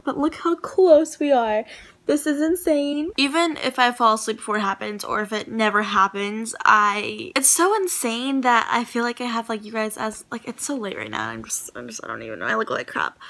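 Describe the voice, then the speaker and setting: A woman's voice: a little high, fairly bright tone, rough recording. A young woman filming a vlog at home, gushing and breathless with lots of "like" and "oh my god", sounding stuffy from a cold. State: congested, sick. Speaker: YouTuber. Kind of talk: emotional thank-you vlog. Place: at home at a computer.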